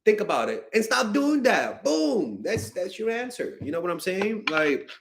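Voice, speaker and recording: A young man coaches fans on dating in a loose, unscripted stream. His voice sits fairly high and swings widely, and his delivery is blunt and exasperated, with casual swearing. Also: very animated, moderate pace, creaky, background noise. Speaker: dating coach answering fan questions. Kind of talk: casual livestream advice.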